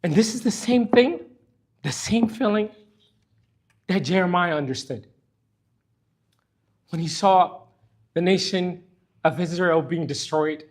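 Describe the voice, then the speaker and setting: A man's voice: high voice, slow pace, pauses often. A middle-aged man teaching a church Bible study, speaking earnestly and emotionally about personal pain. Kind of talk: impassioned church lesson.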